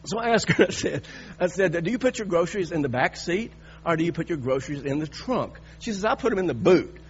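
A man in his sixties preaching, telling a personal story with lively, halting restarts. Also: fairly high pitch, muffled recording, slight background noise. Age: 60s. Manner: animated storytelling with repeated restarts.

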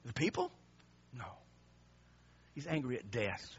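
A man's voice: a little high, animated, normal speed, fairly bright tone, breathy edge, lo-fi sound. A male pastor preaching an impassioned sermon, emphatic and repeating words for effect.

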